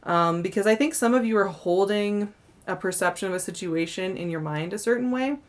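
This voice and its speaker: A woman's voice: mid-range voice, fairly quick. A young woman giving a casual monthly tarot reading, chatty and effusive, laughing often and a little tired. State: yawning, tired. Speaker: tarot reader.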